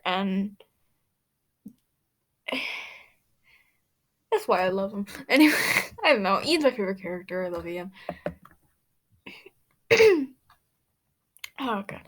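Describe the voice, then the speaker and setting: A woman's voice: a little high, a bit bright. Rambling young woman reading fanfic aloud. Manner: rambling, with fillers and self-commentary. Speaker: reader.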